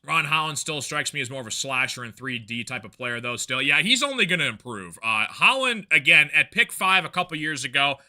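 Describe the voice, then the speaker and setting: A man calls a basketball game live for his stream, rattling off plays in quick bursts and breaking into easygoing chat with viewers. His voice sits a little high and sounds bright and ringing. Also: lively intonation. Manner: rapid game calls mixed with casual chatty asides. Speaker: play-by-play streamer. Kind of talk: live play-by-play reaction commentary.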